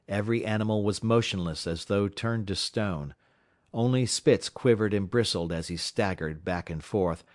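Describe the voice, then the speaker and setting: Low-voiced male audiobook narrator. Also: no room sound, clean studio sound. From South Carolina. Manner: measured, steady storytelling.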